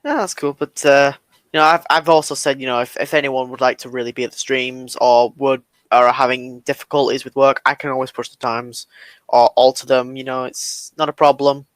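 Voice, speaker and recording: A man's voice: medium pitch, level tone, brisk, no echo. A British man chatting casually as a podcast co-host and story reader, easygoing and talkative. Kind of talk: casual chat.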